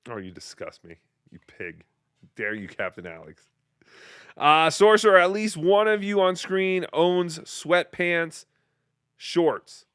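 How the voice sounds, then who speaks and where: A male host chats casually through viewer messages, joking and dipping into quick impressions. His voice is fairly high and bright, with lively swings in pitch. It sounds dry and close to the mic. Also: smooth, dry recording. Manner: riffing, jokey, slips into silly impressions. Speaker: show host. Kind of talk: casual livestream chat, reading viewer messages.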